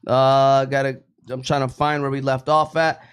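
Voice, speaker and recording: A man hosting a casual fantasy football show, reading viewer questions and breaking down plays in a rambling, animated way. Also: medium pitch, moderate pace, clean tone. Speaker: fantasy football podcast host.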